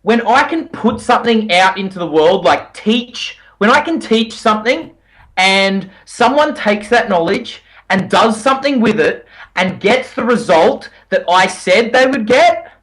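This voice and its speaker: A man co-hosting a casual podcast over a call, energetic and playful, teasing his co-host. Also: sits high, measured pace, low-quality recording.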